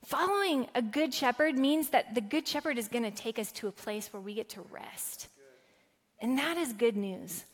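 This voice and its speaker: Woman pastor, high voice, chatty and playful from the pulpit; long church reverb. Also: lively intonation, normal speed, breathy edge. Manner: warm conversational preaching with playful asides. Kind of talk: sermon. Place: church sanctuary.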